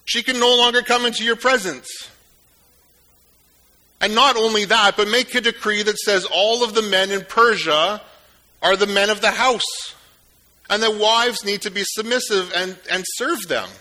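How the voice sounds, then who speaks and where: Guy preaching a sermon, casual storyteller with little jokes, pretty high voice. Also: moderate pace, pushed and bright. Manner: conversational, joking asides. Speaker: pastor.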